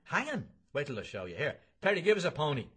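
A man voicing an excitable, gossipy man with a high, breathless, laughing delivery. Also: fast, slightly rough, exaggerated voice. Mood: excited. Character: excitable gossipy Dublin man, Alf Bergen.

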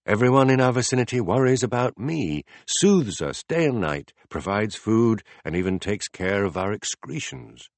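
A man voicing a patient philosopher who explains ideas step by step in a measured, deliberate audiobook reading. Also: fairly low pitch, sing-song, no room sound. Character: calm, patient male teacher explaining ideas. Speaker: philosopher in a dialogue.

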